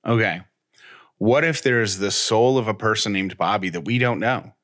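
A man's voice: on the low side, normal speed, fairly bright tone. A man co-hosting a podcast in casual chat, playfully spinning silly spooky theories. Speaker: podcast co-host.

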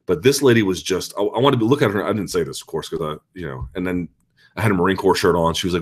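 Low-voiced man ranting on a live chat. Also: very fast. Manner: animated, ranting, sarcastic. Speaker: host of a live chat show. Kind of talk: casual live-chat commentary, reading viewer questions.

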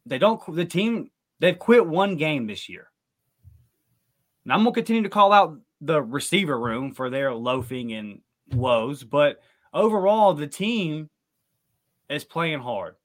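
A man's voice: on the high side, animated, a little slow. A man co-hosting a sports recap podcast, talking casually and getting fired up into emphatic rants. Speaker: podcast co-host.

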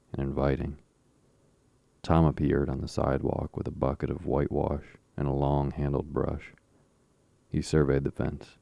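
A man narrating a classic novel as an audiobook in a measured, even storytelling manner. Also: extremely low pitch, vocal fry, no echo.

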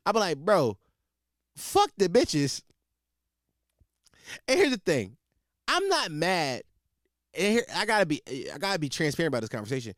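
A man's voice: on the high side, big pitch swings, quick pace, a bit bright, dry recording, clean studio sound. A man hosting a podcast, ranting in a profane, comedic monologue with frequent restarts. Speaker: podcast host.

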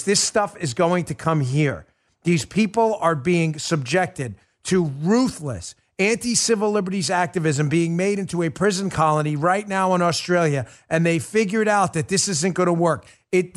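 Guy doing a political podcast rant, kinda high voice, hammers his points over and over, fired up. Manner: emphatic, repetitive, indignant. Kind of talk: political commentary monologue.

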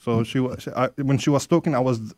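A man's voice: mid-range voice, fast talker, a little mellow, no echo. A man from Jordan, chatting as a radio guest in slightly broken English, often laughing. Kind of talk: casual radio chat.

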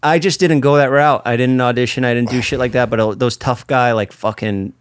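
A man's voice: mid-range voice, steady tone, brisk, clear, resonant tone. Blunt swearing guy. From Staten Island, New York. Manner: blunt, swearing, self-mocking. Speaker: podcast guest. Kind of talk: casual chat.

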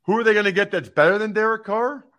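Speaking fast in a high voice, a sports talk show host teases his co-host while firing off emphatic, animated takes on football news.

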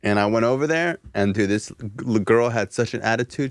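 A man's voice: on the low side, fairly quick, hardly any pauses, smooth, no echo, studio quality. A man hosting a podcast, talking bluntly and casually and swearing freely. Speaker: podcast host. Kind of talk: casual interview chat.

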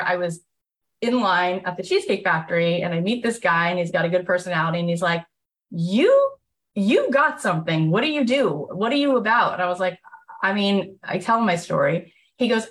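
A woman host telling a personal story in a casual, animated way, acting out the voices of people she quotes. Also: lowish voice.

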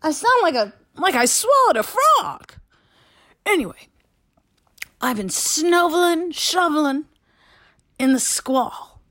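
A woman doing a comic impression of a tired, hoarse old stage diva who rambles in a voicemail from her bed. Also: high-pitched, very animated, slow, long pauses, fairly bright tone, dry recording, studio quality, heavily acted. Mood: rambling. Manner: rambling, dramatic, drifts between topics, drops to a whisper. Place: lying in bed at home.

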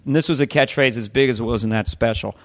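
A middle-aged man, a comedian, chatting in an interview, lively and laughing as he talks. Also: mid-range voice, quick pace. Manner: lively, laughing, tangent-prone. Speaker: comedian guest. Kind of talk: casual interview chat.

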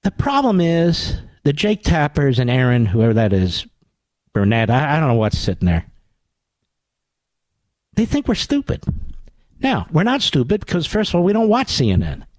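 A fairly high-voiced man hosting a radio talk show, his pitch swinging widely as he rants. He sounds sarcastic and indignant and fires off rhetorical questions. The studio sound is close and dry. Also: wildly swooping pitch, moderate pace, pauses often, darkish tone, dry recording. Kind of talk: combative political commentary.

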